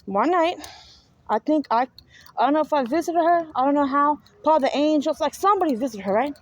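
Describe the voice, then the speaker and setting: This spiritual vlogger, a New York-accented woman, speaks to her audience from a car, rambling, cursing, and repeating herself. Her high voice comes across animated and a little fast, on poor audio.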